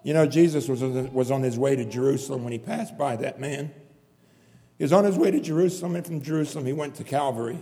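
A man's voice: medium pitch, fast talker, mellow. A man preaching a sermon in a church, pleading and impassioned, repeating his phrases for emphasis. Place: church hall. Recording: long hall reverb.

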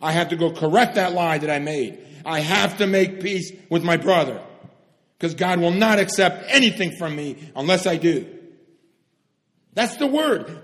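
A man preaching a sermon with fervour, swinging from loud emphatic stresses to hushed, solemn lows. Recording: long hall reverb.

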